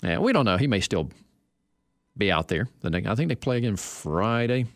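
A male sports radio host with a lower voice that swings widely in pitch. He talks casually and wryly, and he leans hard on words when he reads copy aloud. The studio mic sounds close and dry. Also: lively intonation, normal speed, no echo. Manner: wry, reads copy aloud with exaggerated emphasis. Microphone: studio microphone.

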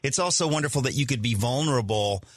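A man's voice: medium pitch, lively intonation, fast talker, slightly rough, no echo, studio quality. A man hosting a radio talk show in casual, eager chat, laughing often and restarting his sentences.

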